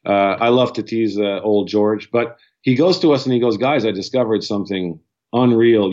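A man's voice: on the low side, moderate pace, darkish tone, highs cut off. Blunt, swearing man rambling with restarts. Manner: blunt, profane, restarts sentences a lot. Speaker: podcast guest. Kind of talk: casual chat.

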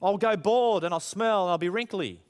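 A man preaching a sermon, animated and full of rhetorical questions, acting out quoted voices. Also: high voice, moderate pace, clean tone. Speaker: pastor.

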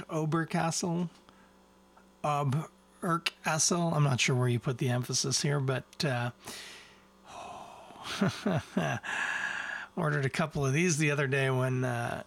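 A man's voice: mid-range voice, creaky. Male podcast host, casual beer tasting chat, rambling and self-mocking, mid-range voice.

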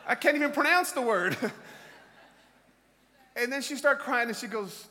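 Middle-aged male preacher, very high sharp voice, passionate shouted exhortations, echoing hall. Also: lively intonation, measured pace, pauses often. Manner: impassioned, shouting exhortations with chuckles. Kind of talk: sermon. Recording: reverberant hall.

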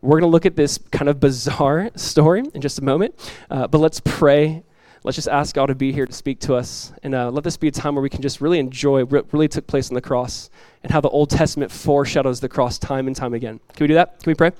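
A man in his thirties, a pastor giving a sermon in a relaxed, conversational way, telling stories with asides. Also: mid-range voice, fast, few pauses, no room sound, poor audio. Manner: conversational, animated storytelling with asides.

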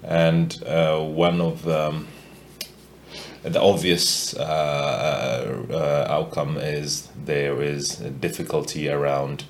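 Deep, slow-talking man hosting a podcast. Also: flat delivery, vocal fry, slight background noise. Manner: halting, many fillers and restarts. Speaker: podcast host. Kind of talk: casual podcast chat.

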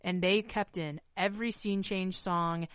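A woman's voice: lowish voice, a little slow, clear, resonant tone, no room sound. Chatty woman podcast host, dry sound. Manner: chatty, animated storytelling with many "like" fillers. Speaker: podcast co-host and musical theater director. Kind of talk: casual chat.

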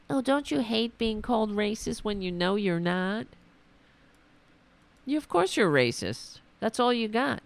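A woman hosting a political podcast, delivering an indignant, scolding rant while her voice is going hoarse. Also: mid-range voice, big pitch swings, unhurried. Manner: indignant, scolding, swears, talks to her dog aside. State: losing her voice. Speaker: podcast host. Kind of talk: ranting political commentary.

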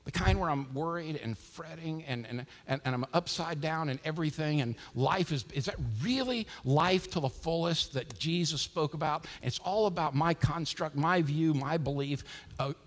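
A man preaching a sermon as a pastor, swinging between loud, emphatic lines and hushed ones. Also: fairly high pitch, moderate pace. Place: church sanctuary with a congregation. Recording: long reverb from a large hall.

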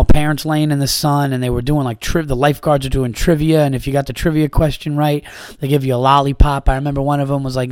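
A man hosting a podcast, telling a rambling, profane comedy story in a casual, animated way. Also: mid-range voice, dry recording, studio quality.

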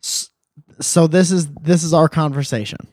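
A man's voice: a little high, fairly even intonation, moderate pace, darkish tone, dry recording, clean studio sound. A man hosting a podcast, telling a rambling story in casual chat and often correcting himself mid-sentence. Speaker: podcast host.

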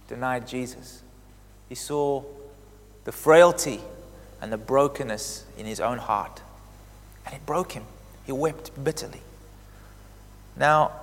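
A man preaching a sermon, retelling a scripture story expressively, with emphatic highs and hushed reflective passages. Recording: long hall reverb.

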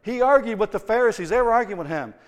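A man delivers a sermon with a fairly high voice, swinging from fervent emphasis to easygoing storytelling. His words ring out in a church hall with a long reverb tail. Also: lively intonation, fast talker. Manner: impassioned, conversational storytelling with rising emphasis. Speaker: preacher. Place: church sanctuary.

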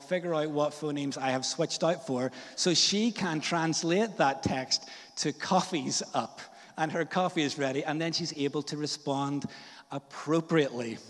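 Northern Irish pastor, casual jokey sermon. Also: male voice, on the high side, long reverb tail. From Northern Ireland. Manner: casual, jokey storytelling with slang and fillers. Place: church.

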